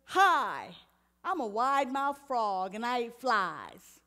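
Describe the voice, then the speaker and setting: A chirpy wide-mouthed frog, put on by a woman telling a joke, greets everyone it meets with a bright, loud, bouncy hello. The voice sits high and carries well. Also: big pitch swings, slow, heavily acted.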